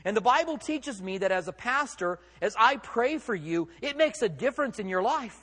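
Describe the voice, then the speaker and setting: A man's voice: sits high, lively intonation, normal speed, pushed and bright, long reverb tail. A man preaching a sermon as pastor, conversational and emphatic, with rhetorical questions.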